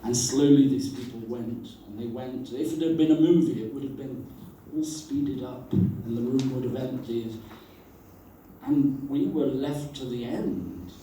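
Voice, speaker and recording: A man giving a storytelling tribute about an old friend, animated and acting out the voices he quotes. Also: medium pitch, a little slow, a little hiss or hum. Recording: very echoey room, voice from far off.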